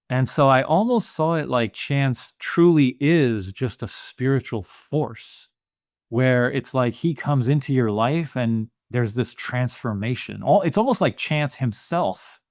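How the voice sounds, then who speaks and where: A man co-hosting a podcast, thinking aloud in an easygoing, musing way. His voice sits at an ordinary middle pitch. The sound is close and dry, with no room around it. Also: darkish tone, no echo. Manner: thoughtful, musing, many "you know" fillers. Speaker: podcast co-host. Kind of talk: casual film discussion.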